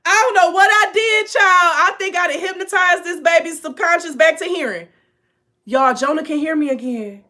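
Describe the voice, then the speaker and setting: A woman chatting casually to viewers on a live stream, emotional and animated, full of slang. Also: very high-pitched, moderate pace. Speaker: spiritual reader hosting a live stream.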